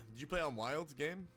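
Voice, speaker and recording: A man's voice: fairly high pitch, pushed and bright. A male streamer chatting casually with viewers, laid-back and rambling, with frequent swearing.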